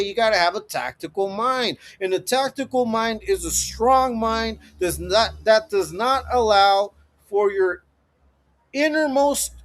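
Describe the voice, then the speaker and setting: High-pitched dude ranting on his livestream, cussing a lot, laughing at his own lines. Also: fairly bright tone. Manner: swaggering, profane, laughs often. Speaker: livestream host. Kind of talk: profane motivational livestream talk. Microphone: streaming setup.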